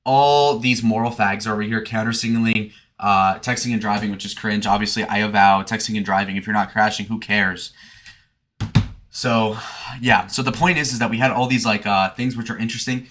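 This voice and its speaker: Fields: Sex: man. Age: 20s. Tone: bright, forceful. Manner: provocative. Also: fairly low pitch, fairly even intonation, a little fast. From Michigan. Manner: provocative, sarcastic, meandering. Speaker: streamer. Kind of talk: casual rambling monologue.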